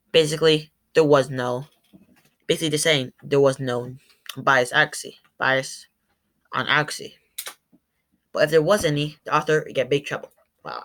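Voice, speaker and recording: A man's voice: on the high side, a bit bright. A teenage boy giving a rambling, informal school presentation, restarting his sentences often. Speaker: student presenter.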